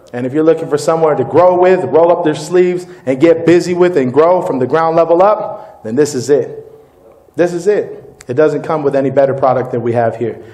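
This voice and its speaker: Presenting himself as the company CEO, a man speaks to distributors in a meeting room, his warm voice pitched slightly higher than most men's, with the room's echo audible. Upbeat and informal, he walks the live audience through a product demo and then a sales pitch, repeatedly calling them "guys."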